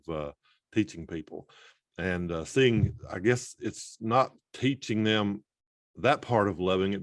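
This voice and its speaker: A man's voice: sits low, dry recording, clean studio sound. A man answering as a podcast guest, speaking hesitantly and reflectively with many fillers. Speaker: podcast guest, sales trainer. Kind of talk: casual interview answer.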